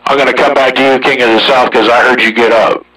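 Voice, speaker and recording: A man talking casually over a CB radio, boastful and folksy, with a slow drawl. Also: medium pitch, fairly even intonation, bright, forceful tone, slightly rough, far from the mic, low-quality recording. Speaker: CB radio operator hosting the channel.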